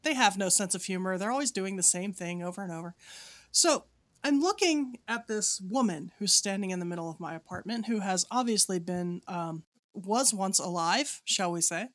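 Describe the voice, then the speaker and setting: A woman in casual conversation, spinning a ghost story with lively back-and-forth and acted-out lines. Her pitch sits in an ordinary middle range, neither high nor low. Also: moderate pace. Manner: animated storyteller, acts out ghost dialogue. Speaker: podcast co-host.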